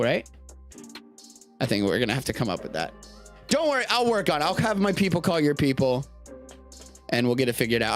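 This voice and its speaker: A man's voice: fairly high pitch, normal speed, long pauses, faint music behind. An American man hosting a live-streamed show, chatting casually in a rambling, jokey way. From United States. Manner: rambling, animated, jokey asides. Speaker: podcast host.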